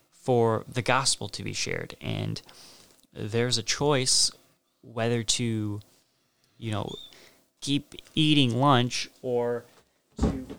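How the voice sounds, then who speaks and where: Guy doing a laid-back bible teaching, gravelly voice, dry close sound, lots of restarts and repeats. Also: mid-range voice, a bit bright, no echo. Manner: halting, with frequent restarts and emphatic repetition; reads scripture passages aloud.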